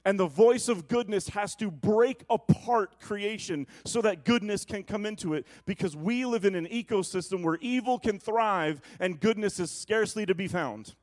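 A male pastor preaching a sermon to his congregation, moving between emphatic proclamation and quiet, joking asides. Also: moderate pace, hardly any pauses. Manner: preaching, shifting from booming to hushed asides.

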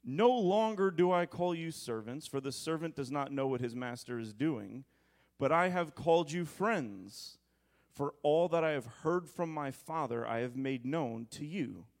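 A man's voice: a little high, lively intonation, measured pace. A man in his thirties preaching a sermon, reading scripture with conversational, joking asides and prompting the congregation to repeat words. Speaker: pastor.

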